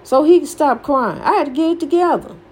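A woman's voice: high-pitched, fairly quick, a little mellow. An older woman hosting a podcast, giving a folksy, preachy motivational talk and repeating her phrases for emphasis. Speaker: podcast host.

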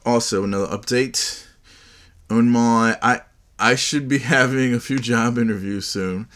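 A man's voice: lowish voice, fairly even intonation, normal speed, fairly bright tone. A man hosting his own solo podcast, chatting casually in a joking, rambling way. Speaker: podcast host.

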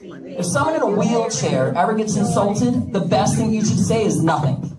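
A man's voice: sits high, animated, normal speed, loud music behind the voice. A man doing a stand-up comedy set with a brash manner, joking with the crowd. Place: comedy club stage. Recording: echoey club, distant mic, audience noise. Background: audience laughing.

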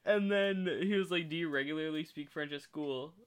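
A man's voice: a little high, moderate pace, smooth. A teenage man casually telling a rambling story as a podcast co-host, swearing freely and laughing often.

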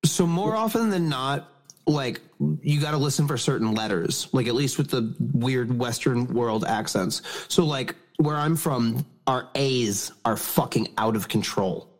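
A man's voice: medium pitch, measured pace. A Canadian man co-hosting a podcast in casual chat, blunt and swearing often. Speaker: podcast co-host.

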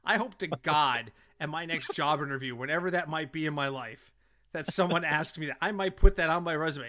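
A middle-aged man co-hosting a casual podcast, an animated storyteller who swears freely. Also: fairly high pitch, a little fast. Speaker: podcast co-host.

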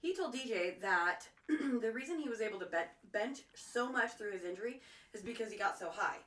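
A woman from the American South with a Southern twang, co-hosting a true crime podcast with crude, deadpan jokes. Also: on the high side, fairly quick, echoey room, far from the mic, poor audio. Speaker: podcast co-host.

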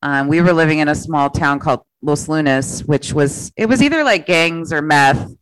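Chatty woman telling stories, smooth dry voice. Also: low voice, normal speed, no room sound, poor audio. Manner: chatty, laughs often, quotes herself in animated voices. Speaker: comedian guest. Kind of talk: casual interview storytelling.

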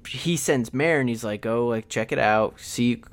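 Male podcast co-host recapping a film loosely, chatty and rambling, quotes characters in passing. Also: medium pitch. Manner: rambling plot recap with quick voiced quotes. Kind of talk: casual movie review chat.

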